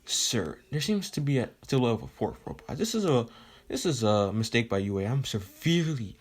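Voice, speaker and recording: A man's voice: medium pitch, very animated, normal speed, husky. Guy doing a stiff uptight schoolboy, all formal and complainy. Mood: indignant. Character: stiff, formal teenage boy student.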